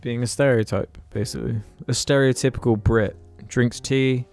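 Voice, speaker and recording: A man's voice: mid-range voice, fairly even intonation, normal speed, gravelly, darkish tone, soft background music. A young man co-hosting a podcast, casually chatting and teasing his friends, laughing readily. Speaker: podcast co-host. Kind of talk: casual chat.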